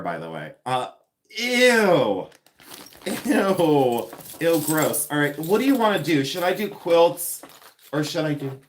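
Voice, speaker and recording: A man hosting a casual live stream, chatty and excitable, talking straight to the chat and slowing down to explain details. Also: on the high side, a little hiss or hum. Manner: slows down to explain quilt details. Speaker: live-stream reseller host.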